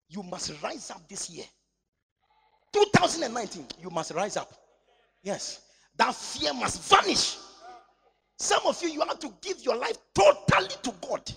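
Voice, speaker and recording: A man preaching a sermon in church, swinging between shouting and near-whispering. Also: very high voice, vocal fry, breathy edge. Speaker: pastor.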